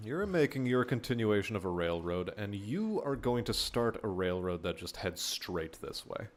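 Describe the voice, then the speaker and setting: A man's voice: on the low side, big pitch swings, moderate pace. A man casually commenting while he plays a strategy game on stream, laid-back and swearing now and then.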